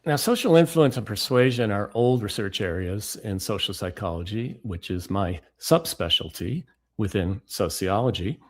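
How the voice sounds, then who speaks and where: A man giving a lecture as author and speaker, reading book excerpts in a measured, deliberate way. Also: lowish voice, lively intonation, a little mellow.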